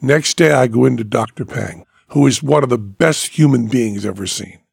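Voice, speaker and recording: A man's voice: medium pitch, moderate pace, gravelly, husky, no room sound, clean studio sound. A man hosting a podcast, telling a story casually and animatedly, swearing and acting out the people in it. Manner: animated, profane, acts out quoted voices. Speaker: podcast host.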